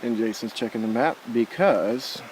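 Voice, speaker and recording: A man's voice: mid-range voice, moderate pace, slight background noise, rough recording. A man filming his hike outdoors beside a forest creek, rambling and thinking aloud in a casual vlog, correcting himself as he goes. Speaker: hiker filming his trip.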